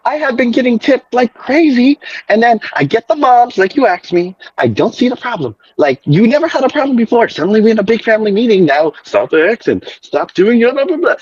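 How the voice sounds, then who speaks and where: An improv performer playing a defensive young son who keeps up a fake foreign accent, rambling and arguing. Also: male voice, extremely high pitch, big pitch swings, brisk, few pauses, a little mellow, breathy edge, no echo, exaggerated voice. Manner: argumentative, rambling. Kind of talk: live improv comedy. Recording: dull lo-fi sound.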